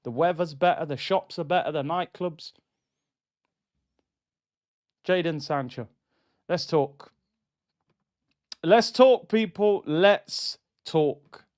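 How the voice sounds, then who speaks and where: Animated man on a livestream. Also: fairly high pitch, slow. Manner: animated, banter-heavy, repeats phrases. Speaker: livestream host. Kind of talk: casual fan livestream talk. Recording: slightly dull lo-fi sound.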